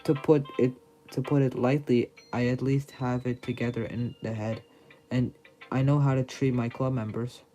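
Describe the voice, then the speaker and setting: A man's voice: mid-range voice, flat delivery, moderate pace, warm tone, soft background music, close to an everyday voice, poor audio. A man voicing a confident, controlling girl who leads a club, reading game dialogue aloud with small stumbles.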